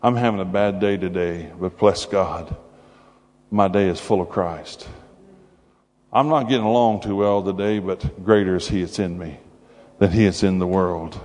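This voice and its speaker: A man preaching a sermon to a congregation, animated and conversational, with playful asides. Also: sits low, moderate pace. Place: church hall before a congregation. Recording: long hall reverb with faint music.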